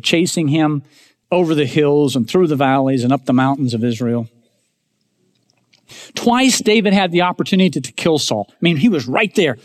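A man preaching a sermon as pastor, emphatic, rising to raised declarations and dropping to hushed asides while speaking directly to his congregation. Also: fairly high pitch. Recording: long hall reverb.

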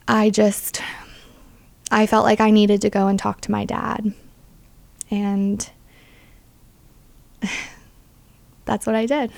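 A woman's voice: medium pitch, vocal fry, a little mellow, no room sound. A young adult woman sharing a personal faith testimony as an interview guest, earnest and full of "like" fillers.

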